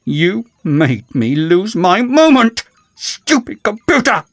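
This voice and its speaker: Man doing a high, loud, huffy stage villain for a storybook, big sweeping pitch. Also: big pitch swings, normal speed, dry recording. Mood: exasperated. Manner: declaiming, shrill and exasperated. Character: pompous theatrical male villain, sarcastic and grumpy.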